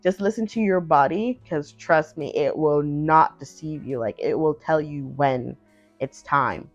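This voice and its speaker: A woman's voice: sits low, unhurried, no echo, soft background music. Chatty woman vlogger, dull lo-fi sound. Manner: chatty, filler-heavy, acts out quoted lines. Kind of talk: casual personal storytelling.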